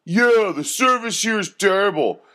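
A man voicing a rude young thug who yells insults, in a higher, louder voice. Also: animated, moderate pace. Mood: angry yelling. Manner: yelling, insulting. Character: rude young male thug, loud and mocking.

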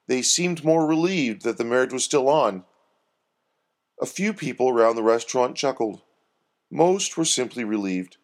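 A man narrating a scripted story in a measured, expressive reading. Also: mid-range voice.

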